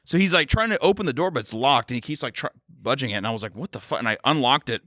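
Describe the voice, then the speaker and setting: A young man co-hosting a podcast, telling a story in a casual, animated way, swearing freely and acting out quotes. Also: medium pitch, rapid-fire, no echo, clean studio sound. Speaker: podcast co-host.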